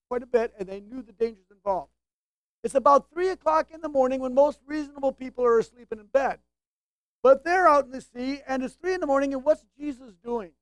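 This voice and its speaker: A woman's voice: high voice, no room sound. A woman preaching a sermon in a conversational way, with humorous asides and rhetorical questions to her listeners.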